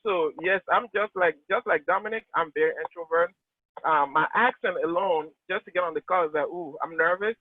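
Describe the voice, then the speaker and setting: A man in his late thirties with a Togolese accent, talking earnestly and animatedly with many restarts. His voice sits fairly high for a man. The sound is tinny and dry, like a phone line. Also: a little fast, no echo. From Togo, West Africa. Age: 30s. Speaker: real estate agent guest. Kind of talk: conversational interview answers.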